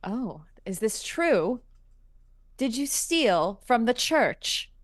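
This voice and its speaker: A woman speaking in character during a tabletop game, her voice a little high and the sound dry. She sounds slow and earnest, measuring her words. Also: big pitch swings, dry recording. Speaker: player.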